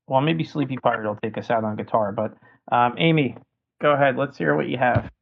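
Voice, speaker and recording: A man's voice: medium pitch, a little fast, gravelly, husky. A man moderating an online room, calling on speakers in an easygoing, chatty way. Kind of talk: casual chat. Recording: tinny phone-like line.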